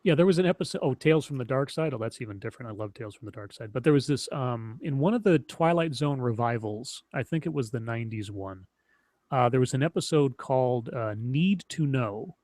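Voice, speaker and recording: Casting note: man, thirties, casual streamer chat, rambling and animated, close dry mic. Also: medium pitch, brisk, no room sound. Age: 30s. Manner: rambling, animated storytelling with many restarts. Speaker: streamer co-host.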